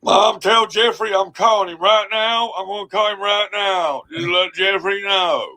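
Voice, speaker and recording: A man voicing an eager guy calling to his mom through a voice filter, loud and hurried. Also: sits high, steady tone, pitched above the performer's own voice. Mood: excited.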